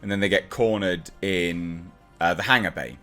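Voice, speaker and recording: A man's voice: low voice, moderate pace, fairly bright tone, soft background music. A man reviewing a comic book in a casual, exasperated and sarcastic rant.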